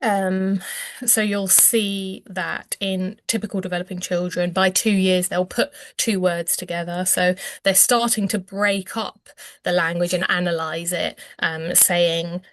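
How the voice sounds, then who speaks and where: Woman, clinician guest, low-pitched, hesitant, full of ums, dry close sound. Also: steady tone, a little slow, no room sound. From England. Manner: hesitant, many ums and restarts. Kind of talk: explanatory expert interview.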